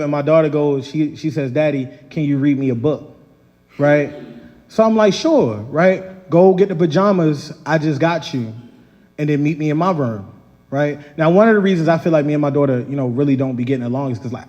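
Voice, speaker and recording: A man's voice: a little high, muffled recording. A man in his thirties with a Baltimore accent, performing a stand-up comedy set on a large theater stage, telling stories and acting out quoted voices. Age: 30s. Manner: animated, storytelling with quoted voices. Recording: live theater with long reverb.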